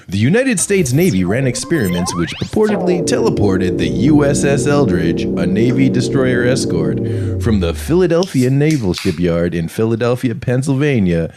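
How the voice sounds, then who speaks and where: A man with a low, lively voice reads through his notes on a casual podcast. He slips in wry, joking asides as he goes. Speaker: podcast co-host. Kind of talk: casual chat, reading notes.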